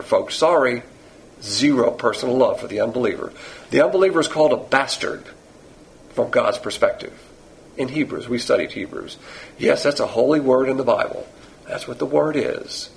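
A male preacher with a gravelly, creaky edge to his voice and a middle-pitched tone. He delivers a sermon bluntly and with sarcasm, and he slows down and hammers key phrases for emphasis. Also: poor audio.

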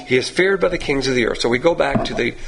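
A man's voice: medium pitch, quick pace, creaky, crowd noise, poor audio. A man preaching a blunt Bible-teaching sermon, acting out quoted voices. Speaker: pastor.

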